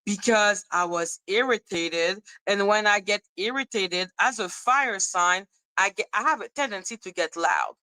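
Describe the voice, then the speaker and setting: A woman hosts a casual commentary monologue, blunt and emphatic, and she swears freely. She takes her time, and her words come out unhurried and deliberate. Her voice is bright and crisp, recorded dry and close with no room sound. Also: medium pitch, no echo, rough recording. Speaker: commentary channel host.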